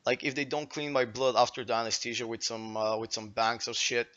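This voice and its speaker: A man's voice: mid-range voice, little pitch movement, a little fast, sharp tone, lo-fi sound. A young man in his late teens with a Bulgarian accent, a native Bulgarian speaker, telling a story to his stream chat in a rambling way, full of fillers and swearing.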